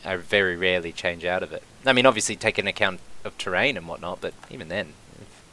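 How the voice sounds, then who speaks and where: Let's-play commentator: man, bright, excitable, casually profane, thinks aloud. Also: deep voice, fast, slight background noise. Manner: swears casually. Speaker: gameplay commentator.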